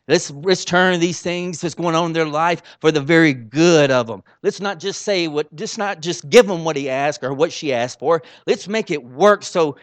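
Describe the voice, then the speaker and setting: Animated man preaching with a drawl. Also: fairly high pitch, normal speed, hardly any pauses, dry recording. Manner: animated, swings from soft to loud, folksy asides. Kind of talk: sermon.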